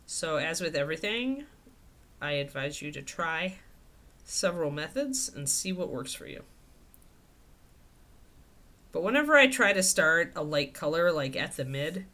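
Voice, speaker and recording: A woman's voice: lowish voice, sharp tone. A woman teaching miniature painting in a casual live stream, chatting and thinking aloud at her home desk.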